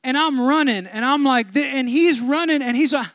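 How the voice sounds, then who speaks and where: A man preaching a sermon as pastor, telling a comic story and swinging from low asides to loud preaching. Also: moderate pace, no echo. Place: church.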